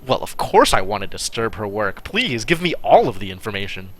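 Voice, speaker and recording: Streaming a text adventure, a man reads the story out loud and tosses in dry, chatty remarks as he plays live. His voice sits lowish but swings widely in pitch, and his pace is brisk.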